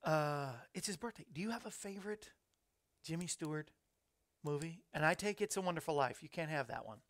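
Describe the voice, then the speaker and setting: Gravelly man hosting live. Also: fairly high pitch, animated, fairly quick, fairly bright tone. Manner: chatty, reads viewer comments aloud, upbeat asides. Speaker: show host. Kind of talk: casual live-stream chat. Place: small studio under hot lights. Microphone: studio microphone.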